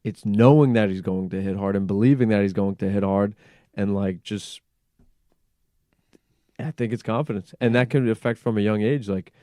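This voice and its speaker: A man's voice: on the low side, normal speed, no room sound. Man host talking in a dry studio. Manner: animated, frequent swearing and filler "like". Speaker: podcast host. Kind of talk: casual in-studio conversation.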